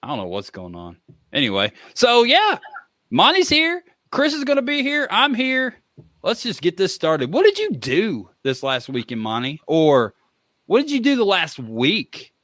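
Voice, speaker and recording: A man hosting a podcast in casual chat, excitable and joking. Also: high-pitched, measured pace, no echo. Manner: excitable, joking, jumpy delivery. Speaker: podcast host.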